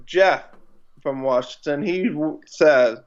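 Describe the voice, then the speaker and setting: A man co-hosting a podcast, chatting casually and slipping in dry, teasing remarks. His voice sits a little high, and the recording sounds dull and lo-fi. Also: slow. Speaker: podcast co-host. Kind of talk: casual chat.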